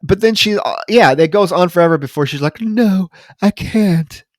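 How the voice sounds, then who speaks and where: Wry man recapping a film, lively pitch. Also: quick pace, dry recording, clean studio sound. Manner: wry, recapping plot with mock outrage. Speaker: podcast co-host. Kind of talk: casual film review chat.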